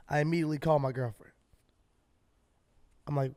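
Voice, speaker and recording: A man with a high, smooth voice, co-hosting a podcast and telling a long story. He is animated and swears freely, and the dry, close mic leaves no room sound. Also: moderate pace, long pauses, no room sound. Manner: animated, swearing, acts out his own shouts. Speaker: podcast co-host. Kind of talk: casual storytelling.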